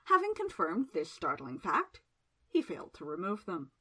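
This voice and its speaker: A woman narrating a fantasy novel aloud in a lively, expressive storytelling manner. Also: lowish voice, moderate pace, slightly rough. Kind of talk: audiobook narration.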